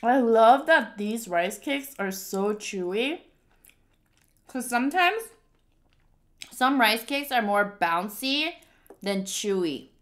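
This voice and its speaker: Woman, high voice, slow and chatty, cutesy, eating close to the mic. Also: lively intonation. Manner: chatty, playful, cutesy meowing. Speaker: mukbang host. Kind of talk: casual eating vlog. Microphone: close mic picking up eating sounds.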